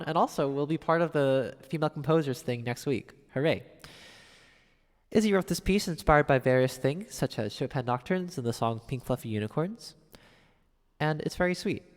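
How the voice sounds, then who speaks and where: In a big-room sound, a medium-pitched man streams piano and keeps up casual live-stream chat, reading out viewers' messages and replying to them.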